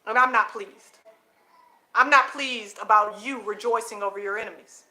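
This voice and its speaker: A woman hosting her own channel, preaching casually to viewers she calls family, animated and repeating phrases for emphasis, laughing often, recorded at home at night with her children nearby. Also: mid-range voice, normal speed. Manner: laughs often between points.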